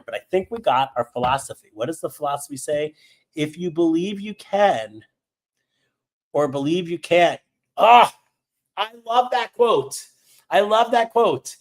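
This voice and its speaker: A man's voice: mid-range voice, fairly quick. An upbeat man hosting a live cooking class, chatting and reading viewer comments as he cooks, eyes teary from cutting onions. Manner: animated, upbeat. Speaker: cooking host.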